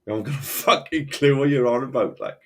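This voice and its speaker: A man's voice: mid-range voice, animated, fast, fairly bright tone. A man in a heated online argument, blunt, dismissive and swearing.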